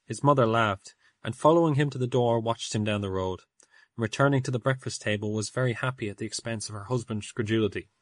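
A man narrating a classic story in a measured, steady audiobook reading. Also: medium pitch, no room sound, clean studio sound.

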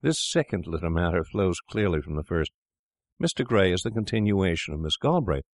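A man voicing a cool, scheming young doctor who coaxes and insists smoothly. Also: deep voice, sing-song, fairly quick, no echo, clean studio sound. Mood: persuasive.

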